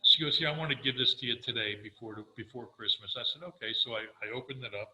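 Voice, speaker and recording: An older man speaks with earnest warmth as he tells his own recovery story and acts out the conversations in it. His voice is bright and forceful, and it rings through an echoey room. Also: mid-range voice, fast. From Florida. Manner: earnest storytelling, quoting himself, animated. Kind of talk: personal testimony talk.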